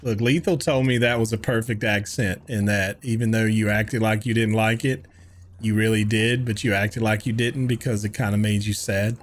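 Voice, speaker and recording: A man's voice: on the low side, fairly even intonation, normal speed. An older man with a Southern US accent, chatting casually and joking with viewers while he streams a game. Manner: joking banter with chat. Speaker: livestreamer.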